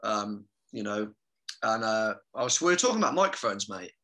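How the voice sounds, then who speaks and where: Bright-voiced man chatting as a podcast guest. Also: lowish voice, very animated, normal speed. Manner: informal, calls the listener mate constantly. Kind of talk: casual conversation.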